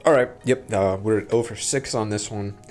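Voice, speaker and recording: A young man with a somewhat low voice hosts a casual vlog, ranting with animated, exaggerated disgust. His chatty asides keep the tone playful, with faint music underneath. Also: moderate pace. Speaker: YouTube host.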